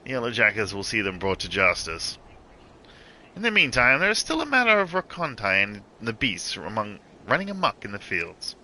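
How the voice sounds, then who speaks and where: A man voicing a stern, dutiful guard officer in a formal, measured way. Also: fairly low pitch, huge pitch swings, sharp tone, a little hiss or hum, full character voice, poor audio. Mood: grave. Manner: formal, measured reading of quest dialogue.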